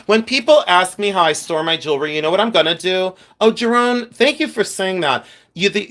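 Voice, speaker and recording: A man talks casually on a live stream, chatting with viewers and answering their comments as they come in. His humor is playful and self-mocking, and his voice sits a little high for a man. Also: slight background noise. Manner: chatty, animated, reads and answers chat. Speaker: livestream host sorting jewelry.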